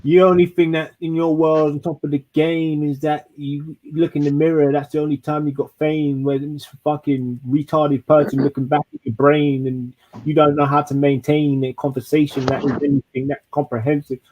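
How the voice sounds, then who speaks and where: A man's voice: on the high side, level tone, normal speed, hardly any pauses, mellow, dull audio. A man from London throwing crude, swear-heavy freestyle insults in a trash-talk battle.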